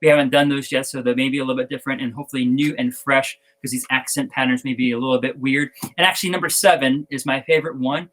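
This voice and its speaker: A man's voice: medium pitch, fast, hardly any pauses. Man teaching drum technique, counting aloud. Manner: counts off and chants syllables in time; relaxed, rambling with fillers and self-corrections. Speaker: percussion teacher. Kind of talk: online drum technique lesson.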